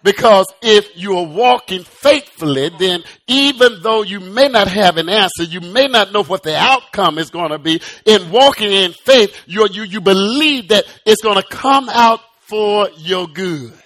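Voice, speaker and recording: A male preacher delivering a sermon, building from slow, quiet lines to loud, rising, shouted passages, often repeating words as he restarts. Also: high-pitched, expressive.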